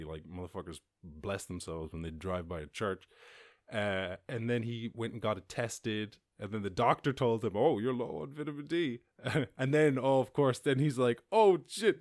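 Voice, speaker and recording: An Irish man hosts a solo podcast, ranting over news headlines while rambling, swearing, laughing often, and interrupting himself with restarts. His voice is low-pitched, and the studio-quality recording has no echo.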